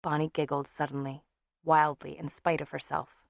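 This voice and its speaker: A woman's voice: low-pitched, level tone, normal speed, creaky, no echo, studio quality. A woman narrating a novel as an audiobook, dramatic in delivery. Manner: dramatic, shifts voice for each character. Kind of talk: scripted narration.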